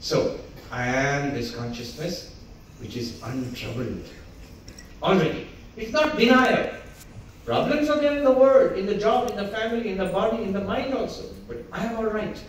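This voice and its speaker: A man with a Bengali accent gives a spiritual lecture, teaching in a calm yet emphatic way and returning to key phrases again and again. His voice sits a little high and is heard from far off, with heavy echo filling the hall and a faint hum of noise behind him. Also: brisk. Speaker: monk giving a spiritual talk. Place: hotel event hall.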